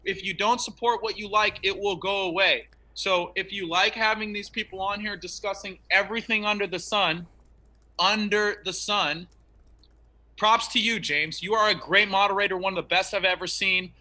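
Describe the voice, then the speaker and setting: A man's voice: high-pitched, fairly even intonation, a little fast, hardly any pauses, bright, forceful tone. A man arguing in an online debate, insistent and preachy as he makes his case.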